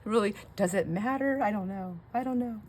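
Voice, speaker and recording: A woman's voice: mid-range voice, moderate pace. A middle-aged woman chatting and rambling casually while making labels at home, laughing often and musing aloud. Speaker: crafting vlogger. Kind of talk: casual chatty crafting vlog. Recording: home recording with steady background noise.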